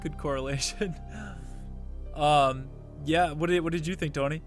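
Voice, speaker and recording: A man on a podcast in casual chat, mostly giving brief reactions and quick laughs. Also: on the high side, steady tone, faint music behind.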